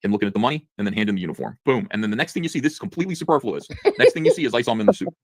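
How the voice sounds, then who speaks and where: Lively sarcastic man, fast talker. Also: on the low side, no room sound, studio quality. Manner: sarcastic, mocking, reads comic lines in put-on voices. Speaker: podcast co-host. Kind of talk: casual comic review chat.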